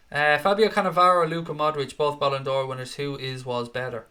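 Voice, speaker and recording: A man's voice: a little high, fairly even intonation, sharp tone. A middle-aged man, hosting a casual live stream, reading viewer comments and ranting with plenty of swearing. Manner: sweary, quick to rant in mock outrage. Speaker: host.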